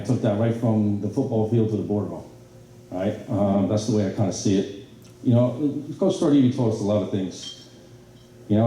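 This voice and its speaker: Middle-aged man, banquet speech, dark mellow voice, heard from afar in a booming hall. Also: a little hiss or hum. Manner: animated storytelling with many fillers and restarts. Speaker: former player giving a banquet speech. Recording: very echoey hall from a distance.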